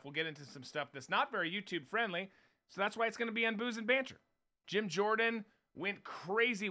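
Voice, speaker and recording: A man's voice: fairly high pitch, sharp tone. A man hosting a casual political talk show, blunt and swearing, often laughing mid-sentence. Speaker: host.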